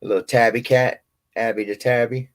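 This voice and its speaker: A man's voice: medium pitch, fairly even intonation, a little fast. A man, hosting a loose, joking chat full of swearing and half-finished thoughts. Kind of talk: casual chat.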